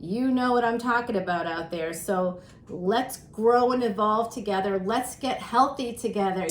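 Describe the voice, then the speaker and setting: A middle-aged woman chats out of breath in a casual, self-mocking way, laughing lightly at herself as she goes. Her voice has an easy middle pitch and carries a roomy echo. A faint low rumble sits behind her. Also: moderate pace. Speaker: tarot reader and astrologer. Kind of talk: casual chatty monologue.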